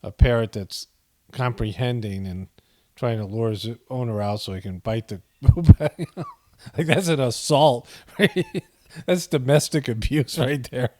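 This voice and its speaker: A man's voice: mid-range voice, a little slow, warm tone. A man hosting a casual video commentary, rambling with frequent chuckles and fillers. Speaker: commentary channel host.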